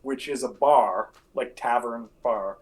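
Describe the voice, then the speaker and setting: A man's voice: mid-range voice, slow, poor audio. A man narrating as dungeon master in a tabletop game, rambling and filling his lines with many fillers. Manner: loose, rambling, heavy on fillers.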